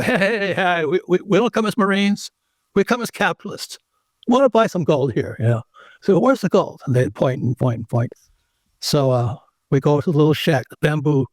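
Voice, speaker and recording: An older man with a fairly high voice, recorded without echo, is a guest in an interview. In casual conversation he tells a long, animated anecdote, acting out the people in his story.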